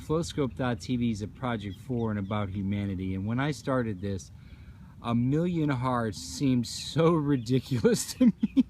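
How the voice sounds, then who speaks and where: A man's voice: medium pitch, moderate pace, a little mellow, a little hiss or hum. A man hosting a casual live stream outdoors at sunset, effusive and upbeat, thanking viewers by name. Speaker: livestream host. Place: outdoors at a nature preserve at sunset.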